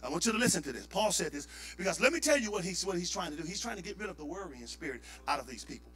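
A man preaching a fervent Pentecostal sermon, rising into shouted, impassioned delivery. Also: high-pitched, very animated, racing, faint music behind. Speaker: pastor. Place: church sanctuary.

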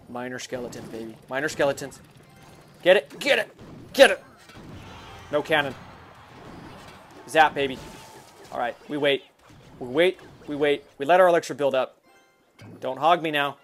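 A man giving excited, fast commentary while playing a mobile game, reacting loudly to every move. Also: fairly high pitch. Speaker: gaming YouTuber. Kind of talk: excited live gameplay commentary.

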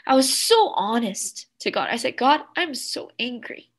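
A woman children's pastor giving a heartfelt sermon with a personal testimony, slow and earnest, sometimes dropping to a soft near-whisper. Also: a little high, very animated.

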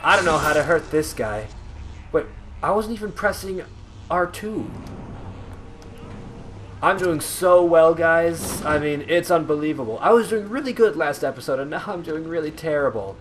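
A man's voice: a little high, lively intonation, normal speed, background noise. A young man giving casual let's-play commentary, confused and exasperated while talking to his viewers. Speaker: gameplay commentator. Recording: game music playing behind.

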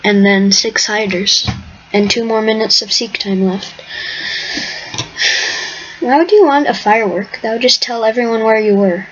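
A woman's voice: on the high side, normal speed, long pauses, slightly rough. A woman hosting her own game video, commenting live on play in a rambling, chatty way and sometimes dropping to a whisper. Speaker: host, gamer. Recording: dull lo-fi mic with faint hiss.

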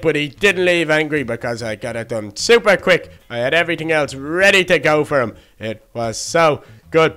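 A man's voice: fairly high pitch, sharp tone, smooth. A man voicing a childlike male baby duck in a Minecraft role-play, chattering to himself and easily flustered. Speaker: fast-food worker in a game role-play.

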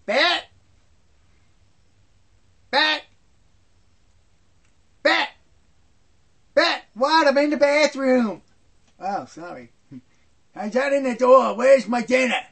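A man voicing his gruff, impatient father, shouting and bossing the family at dinner. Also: on the high side, animated, moderate pace, few pauses, exaggerated voice. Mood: yelling. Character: gruff middle-aged father yelling over dinner.

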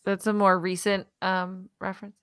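A woman's voice: medium pitch, flat delivery, fairly bright tone, clear, resonant tone, no room sound. A woman co-hosting a podcast, chatting casually and laughing easily in an after-show talk. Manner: chatty, amused, quick to laugh. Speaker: podcast co-host.

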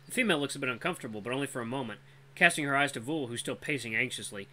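A storyteller narrating a fantasy story in the first person, with a casual, expressive reading and the odd self-correction. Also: medium pitch, racing. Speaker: storyteller, channel host.

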